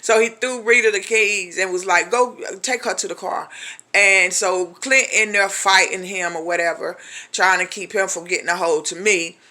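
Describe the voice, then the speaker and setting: Speaking at normal speed with a pushed, bright, mid-range voice and fairly even intonation, a ministry woman gives her testimony. Her delivery is emphatic and folksy; she addresses her audience as "honey" and imitates the voices of the characters she describes.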